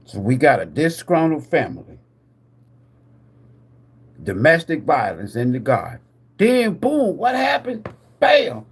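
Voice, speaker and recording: A man hosting a live tarot stream, ranting like a preacher with lots of swearing. He laughs often, asks his viewers questions, and swings between loud bursts and muttered asides. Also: mid-range voice, big pitch swings, slow pace, pauses often, breathy edge. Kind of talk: profane preacher-style rant.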